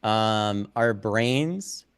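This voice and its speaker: A man's voice: lowish voice, lively intonation, extremely slow, clear, resonant tone. A young man co-hosting a podcast, talking reflectively in casual conversation. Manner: reflective, thoughtful. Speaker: podcast co-host.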